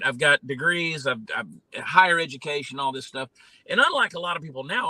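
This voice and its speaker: A comedian and candidate from Georgia, speaking with a Southern drawl, tells stories as an interview guest in a folksy, animated way packed with fillers. His very bright, slightly high voice is recorded dry and close. The casual talk has no room sound and poor audio.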